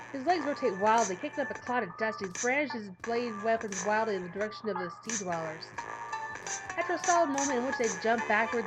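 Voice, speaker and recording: A woman plays through a game on stream, chatting and reading the story text aloud. Her voice sits a little high, and she trips over words and corrects herself as she goes. Game music plays clearly behind her. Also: poor audio. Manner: talkative, reads game text aloud with stumbles and self-corrections. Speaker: let's play streamer.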